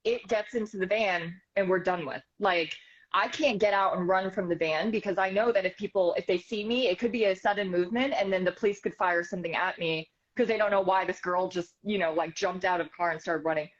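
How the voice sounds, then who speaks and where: A woman from the United States, a news reporter and author, telling an animated story as an interview guest, quick and full of fillers. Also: on the low side. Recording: slightly dull, muffled sound.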